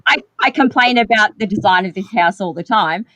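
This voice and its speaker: A woman's voice: medium pitch, brisk, sharp tone, no echo, low-quality recording. A woman co-hosting a casual livestream from her bedroom, chatty and rambling, a bit tired and loopy from the heat. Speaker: co-host of a paranormal livestream. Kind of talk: casual chat. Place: bedroom at home. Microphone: video call setup.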